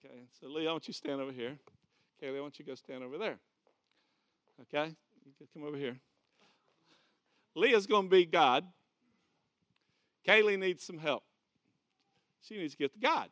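A man's voice: on the high side, moderate pace, pauses often, fairly bright tone. A man with a Southern American accent preaching a folksy, conversational sermon in a church hall. He repeats key phrases and directs volunteers. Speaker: pastor. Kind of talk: folksy sermon with a live demonstration.

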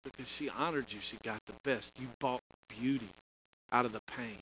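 A man's voice: medium pitch, normal speed, bright, forceful tone, slight background noise, low-quality recording. A middle-aged man preaching a storytelling sermon in a folksy way, chuckling and restarting phrases. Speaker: pastor.

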